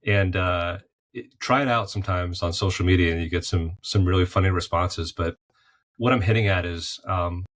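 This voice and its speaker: A deep-voiced man speaks as a podcast guest, thoughtful and unhurried in tone. He builds his answers around golf and faith analogies, reflecting in a casual, conversational way. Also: a bit bright. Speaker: podcast guest, former golf pro turned artist.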